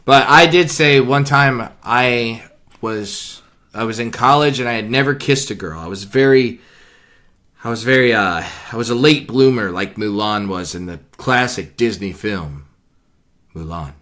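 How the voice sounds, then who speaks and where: A man's voice: mid-range voice, measured pace, bright, forceful tone. A young man co-hosting a podcast, chatting casually over beers, crude and joking, laughing often. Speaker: podcast co-host.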